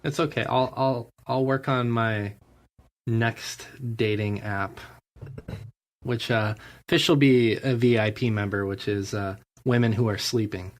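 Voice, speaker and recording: A man joining a casual podcast, talking about his own failures with deadpan humor. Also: fairly low pitch, slow pace. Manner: deadpan self-mocking humor. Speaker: podcast guest.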